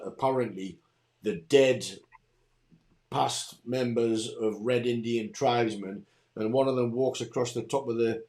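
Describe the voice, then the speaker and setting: A man with a Geordie accent who rambles through his stories, stopping and restarting as he goes. He sits at a middle pitch for a man and trades easy comic banter with his partner. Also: a little mellow, echoey room. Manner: rambling, repetitive storytelling with stop-start restarts. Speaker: co-host.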